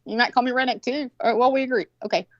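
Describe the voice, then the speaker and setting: A woman's voice: fairly high pitch, fairly even intonation, very fast, no echo. A woman with a Southern US accent, telling a rambling story in casual chat in a blunt, profane way. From American South. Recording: dull, lo-fi sound.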